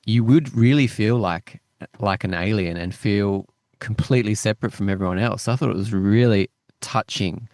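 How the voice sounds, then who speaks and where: Low-voiced man gushing about a show. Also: normal speed, a little mellow, no room sound, clean studio sound. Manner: effusive, gushing with enthusiasm. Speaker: podcast co-host. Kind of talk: casual chat reviewing a TV episode.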